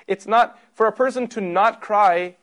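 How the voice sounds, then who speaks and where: In an unhurried sermon style, a man teaches a religious class with emphasis, asking his listeners rhetorical questions. His delivery swings between forceful stress and soft, low passages.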